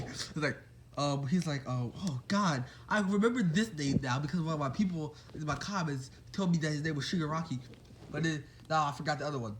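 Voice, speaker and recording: Rambling excitable young man, slightly high. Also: fairly quick, slight background noise. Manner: rambling, excitable, full of "like" fillers and apologies. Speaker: fan storyteller. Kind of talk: casual fan-fiction retelling.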